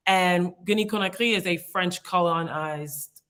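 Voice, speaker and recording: Chatty young woman with a low voice. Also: unhurried, fairly bright tone, clear, resonant tone. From United States. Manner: chatty, reflective, laughs easily, many "like" fillers. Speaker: guest. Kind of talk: casual conversational interview.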